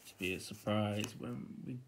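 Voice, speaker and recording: A British man hosting a board game unboxing, chatting casually and getting easily excited, laughing to himself. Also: fairly low pitch, moderate pace, slight background noise.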